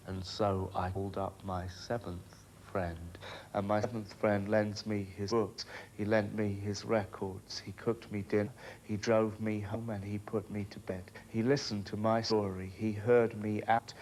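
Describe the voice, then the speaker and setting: A man performing a spoken-word monologue in a measured, rhythmic storytelling manner. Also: fairly low pitch, a little hiss or hum.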